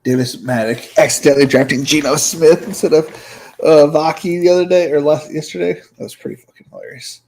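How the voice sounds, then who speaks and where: A man's voice: a little high, dark tone, slightly rough, rough recording. A man streaming fantasy sports drafts, out of breath, thinking aloud in loose, profane, muttered asides. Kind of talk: casual livestream commentary.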